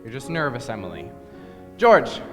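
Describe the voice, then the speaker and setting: An actor playing a calm, fatherly man soothing his anxious daughter, in a middle-range voice. It rings through a reverberant hall with music behind. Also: mid-range voice, moderate pace, natural voice. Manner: soothing, gentle. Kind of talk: stage play acting. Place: stage in a large hall.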